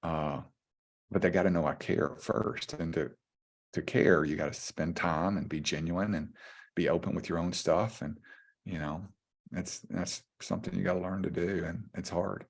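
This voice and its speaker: A man in his forties, a former pitcher and coach, talking earnestly and at length as a guest in a casual conversation, with many restarts. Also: fairly even intonation, moderate pace, creaky. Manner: earnest, heartfelt, rambling with restarts.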